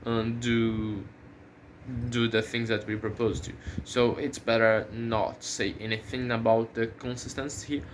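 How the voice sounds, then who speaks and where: A man who is not a native English speaker talks unhurriedly to his own channel in a casual vlog. He pauses often and restarts his sentences as he thinks aloud. Faint background noise sits under the recording. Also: mid-range voice, level tone. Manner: hesitant, many fillers and restarts, thinking aloud. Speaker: channel host.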